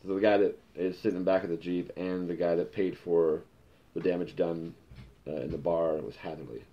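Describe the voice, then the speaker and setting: A man's voice: low-pitched, fairly even intonation, a little fast, dull audio. A man hosting a casual podcast, reading comic book dialogue aloud with many fillers and self-corrections. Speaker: podcast host.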